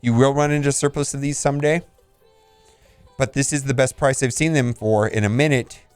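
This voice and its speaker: A man's voice: mid-range voice, fairly even intonation, fairly quick, darkish tone, smooth, no echo, faint music behind. A man hosting a casual game video, reviewing store offers with blunt verdicts and laughs. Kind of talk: casual commentary.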